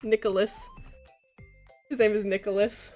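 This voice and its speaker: A young woman streaming a game, chatting casually and breaking into loud laughing shrieks. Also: medium pitch, level tone, measured pace, loud music behind the voice. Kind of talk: casual gaming stream chat.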